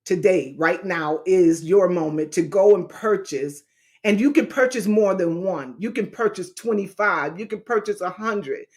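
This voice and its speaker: Slow, emphatic woman evangelist. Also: fairly low pitch, darkish tone. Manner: emphatic, repetitive, preacherly. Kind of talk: casual livestream talk.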